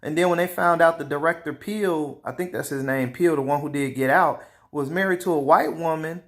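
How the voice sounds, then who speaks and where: A man talking straight to his viewers in a casual opinion monologue, animated, laughing often and repeating words. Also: on the high side, a little fast. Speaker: vlogger.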